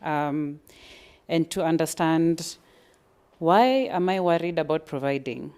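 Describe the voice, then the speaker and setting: A woman's voice: low-pitched, takes it slowly, clear, resonant tone. A woman speaking frankly about parenting, acting out little scenes as she talks. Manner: frank, animated, acts out little scenes with laughs. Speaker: parent sharing at a parents' event. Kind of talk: candid reflective talk.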